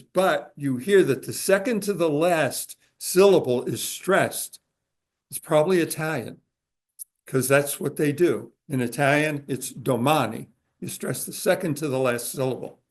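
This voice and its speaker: A man giving a talk to a group in a room, explaining at an easy pace with frequent filler pauses. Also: a little high. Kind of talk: conversational lecture. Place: room with a live audience.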